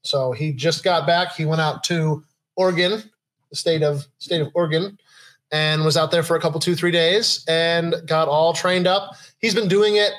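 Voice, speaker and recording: A young man hosts a loose, casual live chat. His voice sits a little high, and he reads news items aloud in a relaxed way, trailing off into fillers and easy laughter. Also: moderate pace, rough recording. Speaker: podcast host.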